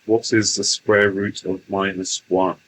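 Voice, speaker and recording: A man's voice: low voice, level tone, a little slow, fairly bright tone, a little hiss or hum, rough recording. A man channeling a genial male alien leader from Sirius, speaking formally and unhurriedly as "we" in a trance channeling session. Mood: amiable. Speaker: channeled entity.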